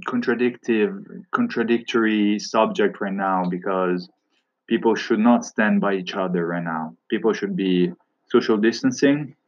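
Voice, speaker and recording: A young man with an Italian accent hosting his first podcast in a hesitant, filler-heavy casual talk. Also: on the low side. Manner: hesitant, many fillers and restarts. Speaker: podcast host. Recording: dull lo-fi sound.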